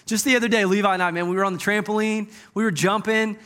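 A man in his thirties preaching a sermon as a pastor, in a folksy, joking and animated way. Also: sits high, fast, clear, resonant tone.

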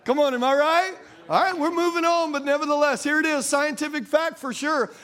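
A man with a strikingly high voice delivers a humorous sermon. He keeps it conversational and playful, using folksy slang and repeatedly calling on his listeners to agree with him. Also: steady tone, a little fast, a bit bright. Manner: playful, calls out to the audience for agreement.

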